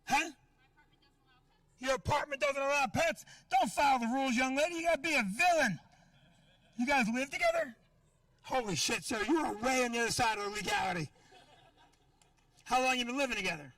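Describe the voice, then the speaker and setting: A man's voice: very high-pitched, brisk, pauses often, a bit bright, recorded from a distance. A middle-aged man doing a stand-up set in a comedy club, brash and profane as he teases the crowd. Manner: brash, profane, teasing the audience.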